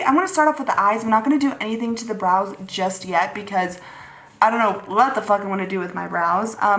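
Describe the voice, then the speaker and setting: A woman's voice: mid-range voice, a bit bright. A young woman vlogging casually while doing her makeup, chatty and rambling, swearing offhandedly. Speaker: beauty vlogger. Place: room at home, seated at a makeup chair. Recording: roomy echo.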